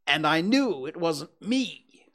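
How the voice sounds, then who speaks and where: A man's voice: on the high side, big pitch swings, takes it slowly, fairly bright tone, voice pushed up, exaggerated voice. A man voicing a fussy, bossy rabbit in a storybook reading, talking sternly.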